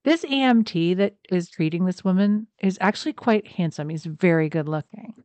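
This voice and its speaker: A woman co-hosting a casual podcast, recapping a TV episode with animated storytelling. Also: on the low side, moderate pace, no room sound. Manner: animated, acts out scenes in quoted voices. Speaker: podcast co-host.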